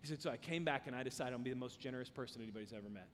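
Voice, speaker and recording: A man preaching a sermon, telling a story with lively rises and drops in his voice. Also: mid-range voice, very fast, a little hiss or hum. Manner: animated storyteller, voice rising and dropping with the tale. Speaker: pastor. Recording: long reverb of a large hall.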